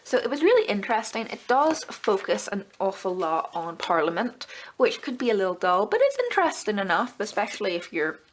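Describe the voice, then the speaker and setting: A woman vlogging a casual magazine review, chatty and enthusiastic, her pitch jumping up when she gets excited. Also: fairly quick. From Britain. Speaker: book club vlogger.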